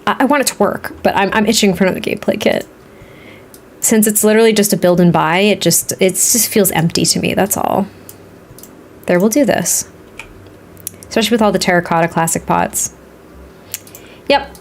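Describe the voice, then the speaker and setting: A woman with a Boston accent talks through a home build in a life-sim game, frank and chatty as she thinks out loud. Her voice sits at an ordinary middle pitch, and the tone is a relaxed streamer's running commentary. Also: normal speed, pauses often, a little hiss or hum. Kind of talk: casual gaming commentary while building.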